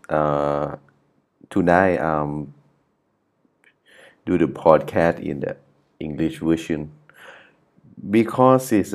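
Slow, deep-voiced Thai-accented man. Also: darkish tone. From Thailand, Chiang Mai. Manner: halting, with frequent restarts and self-corrections. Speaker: podcast host. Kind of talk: solo podcast monologue.

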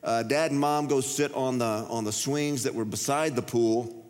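A middle-aged pastor preaches in a large church, his voice trailing off in a long hall reverb. He tells stories and acts out the voices in them, his pitch sitting in the ordinary middle range for a man. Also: fairly even intonation, moderate pace. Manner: storytelling, acts out voices and shouts. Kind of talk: sermon.

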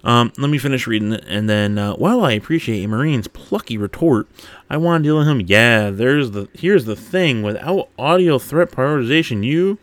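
A man hosting a podcast, reading a game blog post aloud and breaking off to laugh and comment excitedly. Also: mid-range voice, normal speed, dry recording. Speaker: podcast host.

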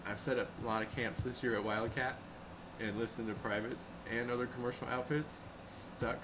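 A man's voice: mid-range voice, normal speed. A young man, a river rafting guide, telling stories in casual chat and acting out the people he quotes. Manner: animated, acts out quoted people with raised voice. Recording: noisy background hum.

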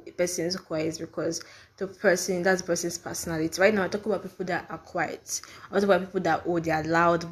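Young woman, podcast co-host, slightly low voice, emphatic, repeats herself, casual chat. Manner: emphatic, repeats points, acts out quoted questions.

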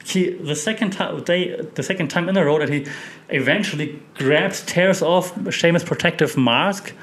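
A man's voice: fairly high pitch, moderate pace, a bit bright. A man hosting a casual wrestling recap, chatty and opinionated, with many fillers and restarts. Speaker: wrestling podcast host.

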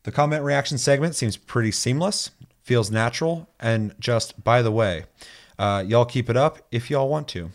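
Young male podcast host, mid-pitched, casual and profane, reads comments aloud with a chatty, easygoing delivery. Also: moderate pace. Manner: loose and profane, laughs often, animated when telling stories. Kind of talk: casual chat, reading out listener comments.

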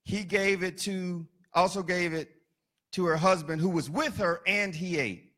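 A man's voice: high voice, a little slow, bright, forceful tone. A man preaching a sermon, building emphasis through repetition and dropping into casual asides. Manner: colloquial asides.

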